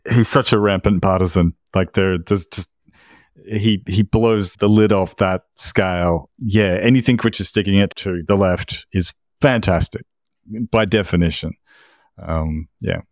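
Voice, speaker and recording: A man's voice: sits low, fairly even intonation, measured pace, no echo, studio quality. A man co-hosting a podcast, chiming in with agreeable, laid-back comments. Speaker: podcast co-host. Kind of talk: casual chat.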